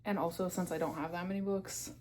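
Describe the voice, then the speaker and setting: A woman's voice: on the low side, steady tone, quick pace, a little mellow, a little hiss or hum. A young woman giving a casual, candid tour of her bookshelves, swearing freely as she talks. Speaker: book vlogger. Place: home room by her bookshelves. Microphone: camera on tripod.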